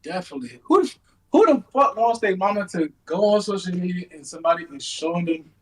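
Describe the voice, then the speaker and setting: A high-pitched man from Nigeria answers interview questions over a video call. He rambles and restarts, leaning on fillers as he goes. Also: lively intonation, low-quality recording. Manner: rambling, halting, lots of fillers. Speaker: interview guest.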